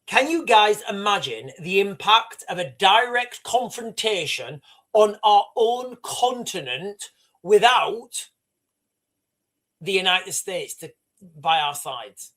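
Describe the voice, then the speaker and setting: A man's voice: high-pitched, sharp tone. A British man hosting a casual livestream, talking emphatically and repetitively while addressing his viewers directly. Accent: British English. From Britain. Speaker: livestream host.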